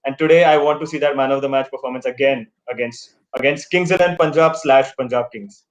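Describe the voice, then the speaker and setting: A man's voice: mid-range voice, fairly quick, muffled recording. Earnest man talking cricket on a call. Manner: earnest, analytical, many fillers. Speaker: fan guest. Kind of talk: casual fan chat.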